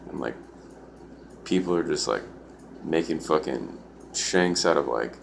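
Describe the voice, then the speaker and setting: A man's voice: rumbling low, animated, unhurried, gravelly, slight background noise. A man telling a story in a rambling, casual way, filling his talk with "like" and swearing. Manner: rambling, full of "like" and profanity.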